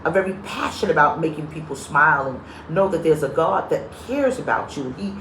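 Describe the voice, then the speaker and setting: A woman's voice: low-pitched, a little fast, slight background noise. Woman pastor preaching in an echoey room. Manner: greets viewers by name between sentences; lively, comedic storyteller. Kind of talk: live-streamed sermon.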